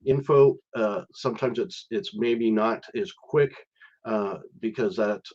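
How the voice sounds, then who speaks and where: A man's voice: on the low side, steady tone, unhurried, a little mellow, lo-fi sound. A middle-aged man talking casually on a live stream, hesitant, with many fillers and restarts. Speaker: live stream host sharing visa experience.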